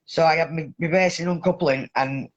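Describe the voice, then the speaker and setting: A woman hosting a casual chat, telling a story in an animated way and swearing heavily. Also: low-pitched, a little fast, dull audio. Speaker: podcast host.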